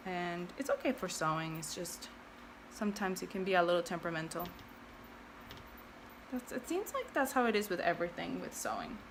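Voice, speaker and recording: A woman's voice: lowish voice, fairly bright tone, a little hiss or hum. A woman hosting a casual sewing tutorial, chatting and thinking aloud with self-deprecating asides. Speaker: sewing video host.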